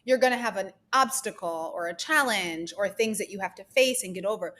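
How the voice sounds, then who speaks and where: A woman's voice: medium pitch, fairly quick, pushed and bright. Earnest woman producer telling set stories. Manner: earnest, storytelling, laughs often. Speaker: guest, film producer. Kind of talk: casual interview talk.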